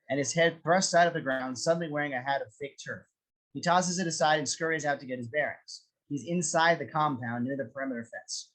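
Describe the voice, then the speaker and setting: A man narrating a script reading, with a steady, descriptive reading of the stage directions. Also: a little high, rough recording.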